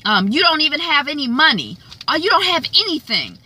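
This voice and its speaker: A woman's voice: fairly high pitch, sing-song, unhurried, bright, forceful tone, husky, pitched above the performer's own voice, heavily acted. A woman voicing a bossy, meddling mother in a TV recap, scolding her daughters.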